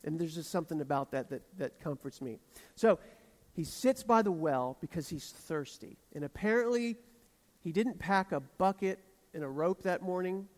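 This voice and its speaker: A man with a Southern US accent preaching a sermon as pastor, telling stories in an animated way with self-deprecating asides. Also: fairly high pitch, moderate pace. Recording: long hall reverb.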